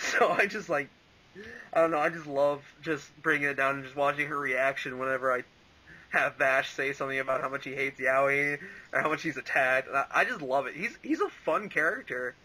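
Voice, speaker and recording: A man's voice: mid-range voice, fairly quick, bright, forceful tone, poor audio. A young man rambling casually as an interview guest, full of "like" and "um" and frequent laughs. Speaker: interview guest, fan voice actor.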